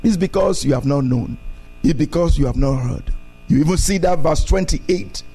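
A man's voice: fairly high pitch, moderate pace, mellow, breathy edge, soft background music, low-quality recording. A man preaching a sermon as pastor, repeating phrases and building to emphatic declarations.

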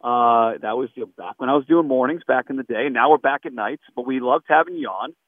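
A man's voice: medium pitch, fast, no echo. A man, a sports radio host talking animatedly and emphatically in a phone-in chat. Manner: animated, emphatic, mimics callers. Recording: tinny phone line, dry.

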